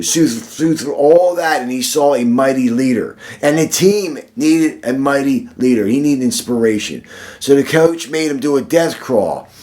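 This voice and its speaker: Earnest man giving a slow devotional. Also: medium pitch, darkish tone. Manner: earnest, repetitive, building emphasis through repeated phrases; slow, deliberate delivery with frequent restarts. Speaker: devotional speaker. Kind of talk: short devotional sermon.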